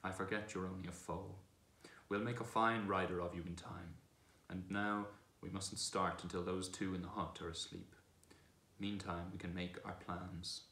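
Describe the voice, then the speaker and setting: Man doing a proud male war horse, scornful, commanding, very deep voice, echoey room. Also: level tone, pushed and bright, a little hiss or hum. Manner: brisk, commanding, contemptuous at times.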